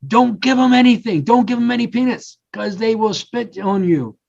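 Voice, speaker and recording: An older man talks through his own stories with animated energy. He jumps into the voices of the people he quotes. The audio sounds a bit dull and lo-fi. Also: extremely high pitch, moderate pace, vocal fry. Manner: animated storyteller, acts out quotes. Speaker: podcast guest, coach. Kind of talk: casual interview talk.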